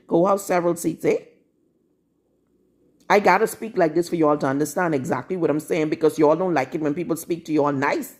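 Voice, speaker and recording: A woman's voice: on the low side, a little fast, darkish tone. A woman preaching a live-streamed sermon in a blunt, scolding, confrontational manner. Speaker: prophetess.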